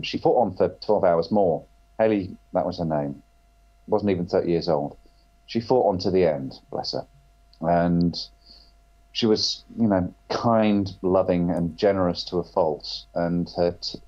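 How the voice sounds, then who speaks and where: A man on a podcast, speaking earnestly and haltingly with many pauses and fillers. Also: sits low, muffled recording. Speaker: podcast guest. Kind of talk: casual chat.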